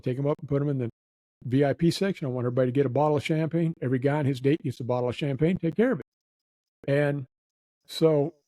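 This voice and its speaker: A man's voice: fairly high pitch, warm tone, no echo, low-quality recording. A man telling a long story in casual chat, acting out the people he quotes. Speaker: nightclub manager telling stories.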